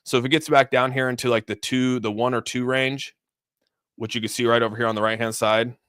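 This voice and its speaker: Smooth-voiced man, dry close sound. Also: medium pitch, flat delivery, brisk, a bit bright, dry recording. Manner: loose and chatty, many restarts, reads donor messages. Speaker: crypto streamer. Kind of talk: casual livestream chart commentary.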